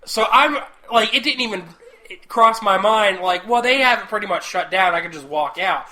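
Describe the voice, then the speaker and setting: Bright-voiced man telling a rambling story. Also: sits high, lively intonation, normal speed. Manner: rambling, repeats words, laughs through the telling. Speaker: podcast co-host. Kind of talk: casual storytelling chat.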